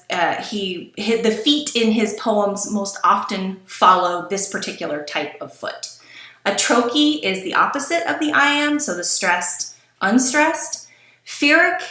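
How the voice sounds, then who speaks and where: A woman with a bright, clear voice teaches a recorded lesson in a casual, chatty way. She breaks off for self-deprecating asides and stumbles over her words now and then. The room gives her voice a noticeable echo. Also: medium pitch. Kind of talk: recorded lecture on poetry.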